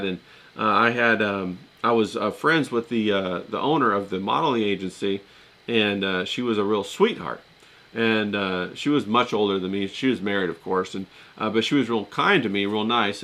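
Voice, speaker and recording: A man's voice: fairly low pitch, sharp tone. A middle-aged man who talks in a chatty, rambling way, telling a story casually to his viewers with many fillers and restarts. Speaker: vlogger talking to his live chat.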